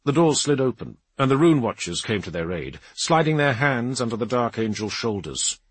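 A man narrating an action audiobook in a dramatic, lively reading. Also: medium pitch, moderate pace, breathy edge, dry recording. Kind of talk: scripted narration.

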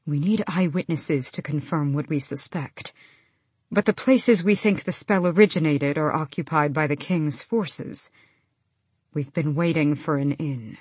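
Casting: a woman doing a cautious, formal young man, quiet and low, dry storybook read. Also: measured pace, breathy edge, no room sound. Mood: serious.

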